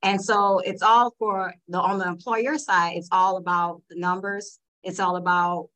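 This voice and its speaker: A woman chats casually, her voice lively and full of restarts and "you know"s. She talks at an everyday middle pitch with animated swings when she acts out other people. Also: moderate pace, few pauses, rough recording. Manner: animated, lots of fillers and restarts. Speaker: guest panelist. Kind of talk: casual storytelling chat.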